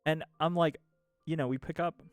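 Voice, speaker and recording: A man's voice: fairly high pitch, steady tone, moderate pace, dry recording, faint music behind. A man streamer venting to chat in a rambling, exasperated way, swearing often and laughing mid-sentence. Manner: rambling with restarts and filler. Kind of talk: casual ranting chat.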